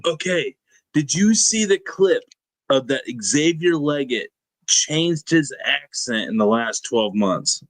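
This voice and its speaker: A man's voice: a little high, expressive, slow pace. A man co-hosting a casual podcast, teasing his co-hosts and talking over them in playful banter. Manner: teasing, joking, talks over others. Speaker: podcast co-host.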